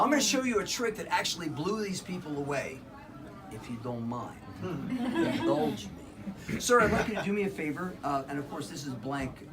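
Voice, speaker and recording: A man's voice: a little high, background noise. A man from Philadelphia doing chatty comedy magic patter on stage, joking and laughing through his lines. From Philadelphia, Pennsylvania. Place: live theater show with audience. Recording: distant live stage recording, loud ambience.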